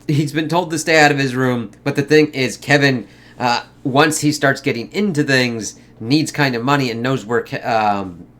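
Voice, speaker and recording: A man's voice: medium pitch, pushed and bright. A man talks through a film review in a loose, meandering way, swearing freely. He keeps slipping into brief, exaggerated voices for the characters and fills his talk with "like" and "kind of.". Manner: profane, rambling, acts out quotes in exaggerated voices. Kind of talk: casual spoken movie review.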